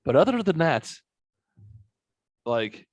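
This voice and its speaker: A man's voice: on the high side, sing-song, slow pace, a little mellow, no room sound. A man co-hosting a podcast, telling a rambling, profane story in casual banter. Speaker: podcast co-host.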